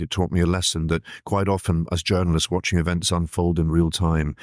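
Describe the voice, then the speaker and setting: A man's voice: deep voice, no room sound, clean studio sound. A man in his sixties, a journalist guest, thoughtfully recounting what he witnessed, with frequent restarts. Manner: thoughtful, vivid recollection with hesitant restarts. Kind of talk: reflective storytelling in an interview.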